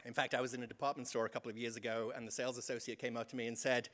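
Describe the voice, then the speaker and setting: A man's voice: mid-range voice, little pitch movement, rapid-fire, fairly bright tone. English man telling self-deprecating church stories. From England. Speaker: church vestry member. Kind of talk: humorous stewardship talk to a congregation.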